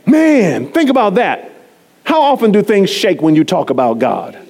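A man preaching a sermon, animated and chatty, often laughing and poking fun at himself as he talks to the congregation. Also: high voice, normal speed. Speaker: pastor.

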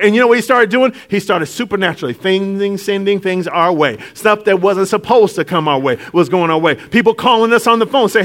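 A man preaching a sermon to a congregation, shifting between hushed, drawn-out lines and loud, laughing bursts. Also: sits high. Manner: animated preaching, swings from hushed to shouting, laughs often. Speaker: pastor.

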